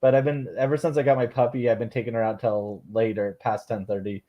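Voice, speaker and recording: A man hosting a podcast in a loose, casual chat. He rambles along, stacking up "like" and "you know" as he thinks out loud. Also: medium pitch, little pitch movement, quick pace, lo-fi sound. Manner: rambling, heavy with "like" fillers. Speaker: podcast host.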